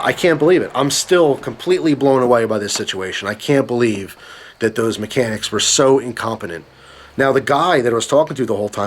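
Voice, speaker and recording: A man's voice: mid-range voice, slightly rough. Profane ranting young man. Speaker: vlogger. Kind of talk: angry storytime vlog.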